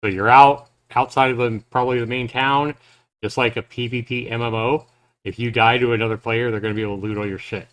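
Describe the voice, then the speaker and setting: A man's voice: mid-range voice, steady tone, fast talker, a bit bright. A man giving casual live reaction commentary on a game trailer, thinking aloud in a loose, rambling way.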